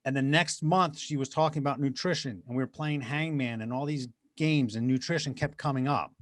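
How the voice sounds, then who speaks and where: A middle-aged man speaking as an interview guest, sharing anecdotes in an earnest, conversational way. His voice sits at an ordinary pitch and sounds dry and close, with no room echo. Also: fairly quick, a bit bright. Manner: earnest, anecdotal, addresses host by name.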